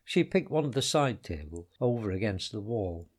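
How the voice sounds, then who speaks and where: A man narrating a short story in a calm, measured reading voice. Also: on the low side.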